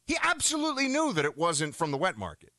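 Fired-up, bright-voiced male radio host. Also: a little high, wildly swooping pitch, quick pace, no room sound. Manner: heated, emphatic, mocking. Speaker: radio talk show co-host. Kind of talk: opinionated talk radio commentary.

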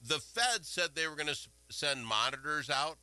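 A man hosting a casual political talk radio show, animated and indignant, swinging between loud outbursts and quiet asides. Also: a little high, normal speed, clear, resonant tone, no echo, rough recording. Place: Minnesota.

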